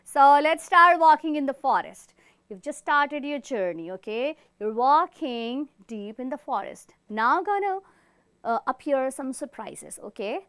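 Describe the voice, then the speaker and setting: A woman's voice: sits high, very animated, unhurried, fairly bright tone, no room sound, clean studio sound. A woman from India teaching an online acting class, giving step-by-step instructions and praising her students often. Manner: encouraging, demonstrates expressions with big acted lines. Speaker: theatre teacher.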